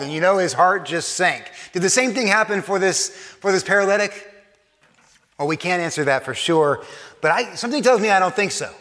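A man preaching a sermon, earnest, repeating and restarting phrases, often dropping soft for emphasis. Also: high-pitched, a little fast, long reverb tail.

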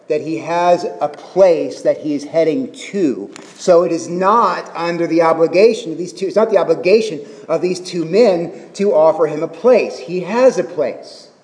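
A man's voice: fairly high pitch, darkish tone, in a large hall. A middle-aged man preaching a sermon, earnest and explanatory, with humorous asides about his family. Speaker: pastor.

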